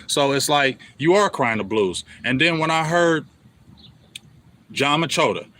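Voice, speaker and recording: A man's voice: fairly high pitch, expressive, measured pace, fairly bright tone, a little hiss or hum. A man hosting a sports show, ranting as a frustrated fan and talking straight at the team's front office. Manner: heated, repetitive, talks straight at the team bosses. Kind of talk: fan commentary rant.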